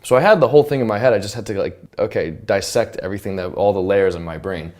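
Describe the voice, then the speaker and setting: A man's voice: on the low side, fast. A man casually explaining how he produced a pop song, often stopping to hum and mimic sounds. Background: his song's tracks playing loudly.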